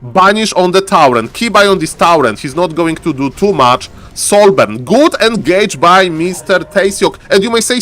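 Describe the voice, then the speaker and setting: A man giving excitable live commentary on a strategy game as a streamer, often calling out to the audience. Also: high voice, moderate pace, few pauses. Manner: excitable, repeats catchphrase "ladies and gentlemen". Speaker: esports caster.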